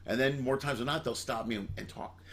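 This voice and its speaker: A man hosting a casual podcast chat, quick to joke, swearing freely while he tells stories. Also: mid-range voice, fairly bright tone, a little hiss or hum. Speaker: podcast host.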